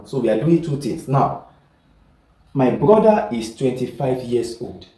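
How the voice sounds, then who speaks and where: A man's voice: mid-range voice, mellow. A man teaching a class, often checking whether the students follow and repeating his points. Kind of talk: classroom lecture. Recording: echoey room, far from the mic.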